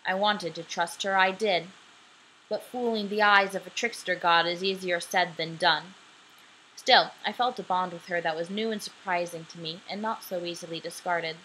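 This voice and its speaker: A young woman in her twenties reads a story aloud at home late at night, sleepy and relaxed, with chatty asides. Her voice is on the low side. A laptop mic catches her along with a faint hiss. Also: normal speed, low-quality recording. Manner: sleepy, casual and apologetic between passages. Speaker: audiobook reader. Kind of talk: homemade audiobook reading with chatty asides. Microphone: laptop microphone.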